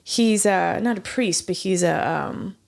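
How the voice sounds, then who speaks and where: A woman co-hosting a podcast, telling a story in casual chat, animated and stumbling over her words. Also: medium pitch, unhurried, creaky. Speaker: podcast co-host.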